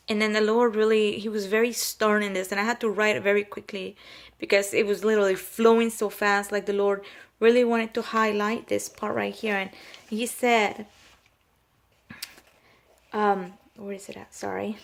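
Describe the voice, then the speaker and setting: A young woman tells a personal spiritual testimony in a plain, mid-pitched voice. She speaks haltingly, with many um and uh fillers. When she relays divine words, she slows down and turns solemn. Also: fairly even intonation, creaky. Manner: hesitant, with frequent um and uh fillers. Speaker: homeschooling mother sharing a prophetic word.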